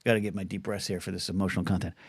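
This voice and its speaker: A man hosts a solo livestream podcast, answering viewer questions in a jokey, rambling way, often interrupting himself to stop and restart. His low voice is flat and very fast with a breathy edge, recorded dry at studio quality.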